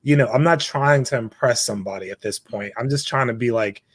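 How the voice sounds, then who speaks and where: A man's voice: medium pitch, a little fast, no echo, studio quality. A man talking as a guest on a casual podcast, easygoing and frank, laughing often.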